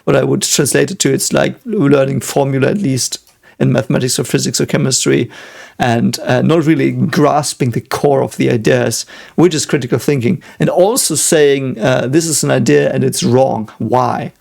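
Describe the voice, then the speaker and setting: Gravelly-voiced man thinking aloud. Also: mid-range voice, moderate pace, a little mellow. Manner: reflective, thinking aloud, analytical. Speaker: physicist reacting to an anime episode. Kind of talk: casual reaction commentary.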